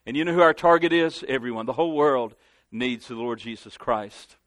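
A man's voice: medium pitch, a little fast, fairly bright tone, dry recording. Southern US male guest preacher, earnest, calls for amens, dry sound. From Southern United States. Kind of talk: sermon. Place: church sanctuary.

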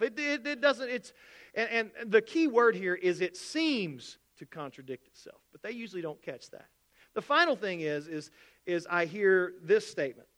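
A male pastor preaching a sermon, animated, acting out the voices of skeptics and shop clerks. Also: high voice, normal speed.

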